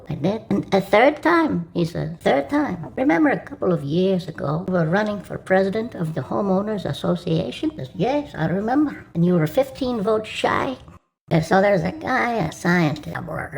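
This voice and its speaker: Gravelly-voiced woman telling jokes. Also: lowish voice, a little mellow, rough recording. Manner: storytelling, acts out the dialogue. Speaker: joke teller.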